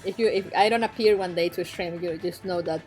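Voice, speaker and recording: A young woman streaming and chatting casually, frank and quick to swear, laughing often. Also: fairly low pitch, darkish tone. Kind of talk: casual chat. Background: faint background music.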